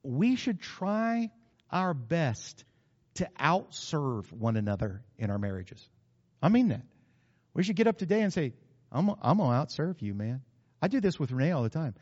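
A middle-aged man preaching a sermon as pastor, animated, acting out quotes with sudden loud bursts. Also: on the high side, normal speed. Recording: muffled recording in a reverberant hall.

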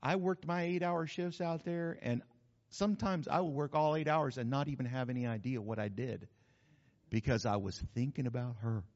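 A male pastor preaches emphatically in a church sanctuary, calling out to the congregation. His mid-range, slightly mellow voice keeps a fairly even intonation at normal speed, and the recording sounds dull and lo-fi with an echoey hall.

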